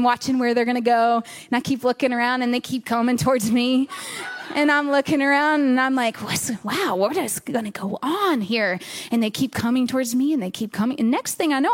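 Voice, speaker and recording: A woman pastor telling a vivid story to her congregation, animated and dramatic, dropping to a hush at tense moments. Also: high voice. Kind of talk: storytelling sermon. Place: church stage before a congregation.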